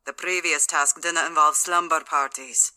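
A woman's voice: sits low, steady tone, moderate pace, bright, forceful tone. A woman voicing a stern, easily agitated male army captain in an attempted Scottish accent, in an audiobook. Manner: stern, clipped orders.

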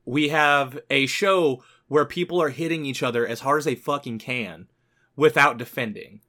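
Bright-voiced man ranting on a podcast. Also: mid-range voice, normal speed. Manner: heated, swearing rants. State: sick. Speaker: podcast co-host. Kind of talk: casual podcast chat.

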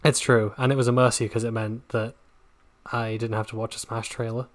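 A woman co-hosting a podcast in casual chat, making dry, deadpan jokes. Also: very deep voice, brisk. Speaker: podcast co-host.

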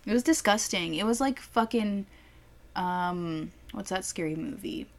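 Young woman, casual co-host, chatty and profane, mid-pitched, acts out quotes. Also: measured pace, creaky. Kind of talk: casual chat, beer tasting.

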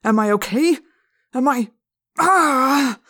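A woman voicing a frantic, shouting male teacher. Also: on the high side, very slow, pitched above the performer's own voice. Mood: angry, frantic. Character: panicking middle-aged male teacher, tormented.

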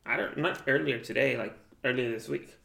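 A man's voice: mid-range voice, brisk, vocal fry, pushed and bright. A young man chatting casually with a friend, rambling and slangy, full of "like" and "dude". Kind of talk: casual chat. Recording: echoey room.

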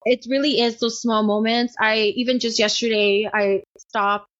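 Young woman guest rambling openly in a podcast, kinda high voice, dull lo-fi sound. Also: fairly even intonation, normal speed, a bit bright. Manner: open and chatty, many fillers and restarts. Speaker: podcast guest, business owner. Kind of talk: candid interview storytelling.

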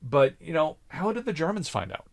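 Gravelly-voiced man chatting casually. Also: fairly high pitch, a little fast. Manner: animated when joking, acts out quotes in raised voices. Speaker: podcast co-host. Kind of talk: casual chat about a TV series.

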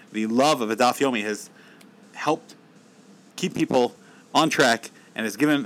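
A man giving a storytelling lecture as a Torah teacher, animated and repeating words when excited. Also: medium pitch, slight background noise, low-quality recording.

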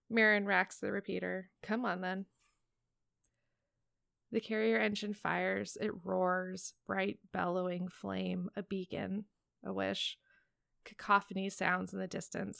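A woman reading a story aloud in a calm, even voice, then chatting casually with co-hosts. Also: mid-range voice, vocal fry, dry recording, studio quality. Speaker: reader and podcast co-host. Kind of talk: reading fan fiction aloud.

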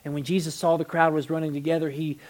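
Talking fast in a mid-range voice, a pastor gives a spirited sermon in church. He climbs from quiet stress to near-shouts, often repeating words as he builds toward a point.

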